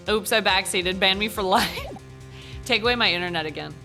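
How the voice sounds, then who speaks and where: A woman's voice: medium pitch, normal speed, pushed and bright. A woman streamer joking and chatting casually while she plays and reads a game aloud. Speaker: gaming streamer. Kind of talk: casual gameplay commentary. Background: game music.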